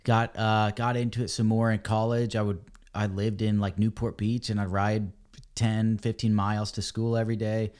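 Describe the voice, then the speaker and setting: Man, podcast guest, lowish voice, animated, casual storytelling. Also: normal speed, clean tone. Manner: animated, swears casually, says "dude" and "man". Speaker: podcast guest, ebike company cofounder.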